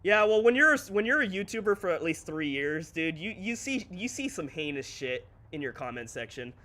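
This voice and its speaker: A man streaming live, chatting candidly with his viewers, ranting and swearing freely with quick laughs. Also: high-pitched, sing-song, sharp tone. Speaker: streamer and content creator. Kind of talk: casual livestream chat.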